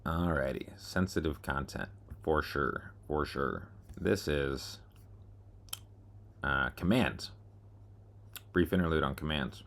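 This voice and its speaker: A man's voice: a bass voice, animated, takes it slowly, creaky, long pauses, a bit bright. A man casually rambling through a video blog, muttering to himself, mocking himself, and narrating as he scrolls and clicks. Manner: meandering, self-mocking, mutters while scrolling. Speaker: video blogger. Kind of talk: casual rambling screen-share monologue.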